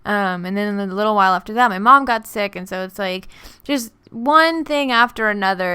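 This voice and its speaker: Soft-spoken young woman, halting and hesitant. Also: mid-range voice, clear, resonant tone, no room sound. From New York. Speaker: art vlogger. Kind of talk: personal storytelling vlog.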